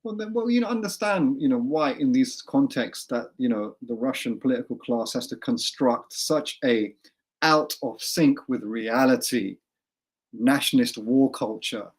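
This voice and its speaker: A man from India, a guest commentator on a political livestream, animated and incredulous, repeating words when he gets worked up. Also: mid-range voice, moderate pace, breathy edge.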